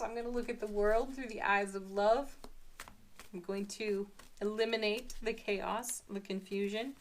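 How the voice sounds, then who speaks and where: A cheerful woman talks through a daily tarot reading. She sounds happy and giggly, and she lays out affirmations slowly and softly, with pauses between the words. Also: mid-range voice, fairly even intonation, slight background noise. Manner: warm, giggly and upbeat; soft affirmations with drawn-out pauses. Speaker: tarot reader.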